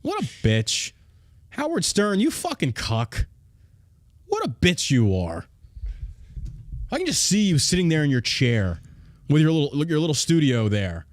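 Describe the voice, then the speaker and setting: Profane, heated podcast host. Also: male voice, on the high side, no echo, studio quality. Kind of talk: ranting political podcast commentary.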